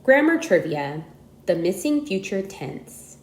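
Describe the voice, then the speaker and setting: A woman narrating a scripted grammar lesson in a measured, explanatory way. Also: mid-range voice, roomy sound. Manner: measured, explanatory reading with lively emphasis. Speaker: audiobook narrator.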